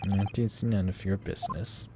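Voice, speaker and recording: A man doing a gruff, blunt Russian sailor guard who speaks slow, broken English with deep, heavy words. Steady hiss sits under the voice of this game character. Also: close to an everyday voice. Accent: put-on Russian.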